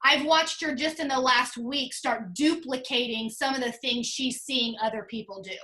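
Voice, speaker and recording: Woman, high voice, bright tone, emotional, earnest, team leader, video call. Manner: emotional, earnest, talks in quick bursts.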